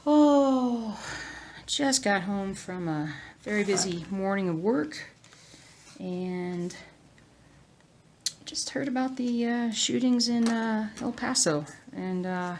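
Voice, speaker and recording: A woman from the United States chatting casually at home while she stitches, rambling along and now and then dropping into soft whispers. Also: mid-range voice, slow pace, a little hiss or hum. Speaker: cross-stitch vlogger.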